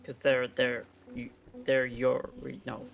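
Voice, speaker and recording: A man from the UK chatting casually on a livestream, teasing in a relaxed way. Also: medium pitch, slow pace, creaky, dull audio, a little hiss or hum.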